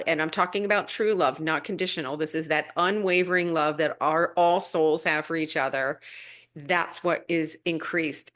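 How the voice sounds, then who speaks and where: Gushing woman hosting a spiritual live stream. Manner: warm, gushing, breaks into excited high-pitched asides. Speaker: spiritual guidance host. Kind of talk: casual live-stream talk answering viewer comments.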